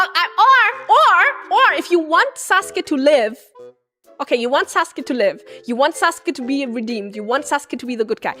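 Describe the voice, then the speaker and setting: A high-voiced woman streamer rambling through a comic plot recap in a casual, excitable way. She restarts her sentences often and breaks into loud outbursts. Faint music plays behind her. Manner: excitable, rambling, bursts into shouts.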